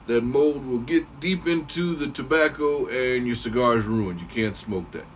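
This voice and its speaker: Man, cigar reviewer, rambling casual how-to, mid pitch, a bit far from the mic, faint background hiss. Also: lively intonation, moderate pace, few pauses. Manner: chatty, rambling, clears throat often.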